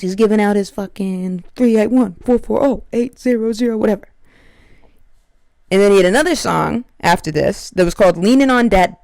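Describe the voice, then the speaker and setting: A woman comedian hosting a solo podcast, riffing in a rambling, profane, animated monologue. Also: lowish voice, creaky, dry recording.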